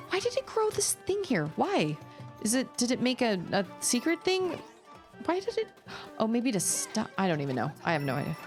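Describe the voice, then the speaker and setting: A woman streaming a video game, chatting casually and reacting with quick exclamations as she plays. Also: fairly high pitch, big pitch swings, soft background music. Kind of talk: live-stream gaming commentary.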